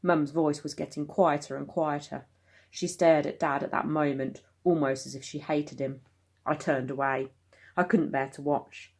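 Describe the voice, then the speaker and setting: A woman reads a bedtime story aloud at a calm, steady pace. Her voice sits low. She tells the story plainly and evenly. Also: normal speed. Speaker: story reader.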